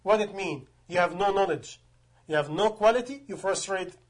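High-voiced male preacher, emphatic. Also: normal speed. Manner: emphatic, rhetorical questions, non-native grammar. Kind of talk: sermon.

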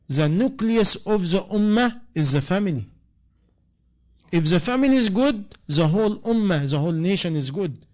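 Man, preacher, slightly high voice, repeating phrases with rising emphasis. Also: a little mellow. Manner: non-native English, impassioned repetition, rising emphasis. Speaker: imam. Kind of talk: sermon answering a question.

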